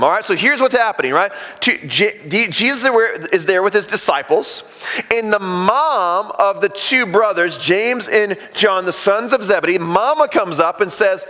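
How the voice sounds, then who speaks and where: A man with a slightly high voice preaches a sermon as pastor. He tells the story in a lively way and briefly acts out the people in it. His voice carries a long church reverb. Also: normal speed. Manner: animated storytelling, acting out quoted voices. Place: church sanctuary.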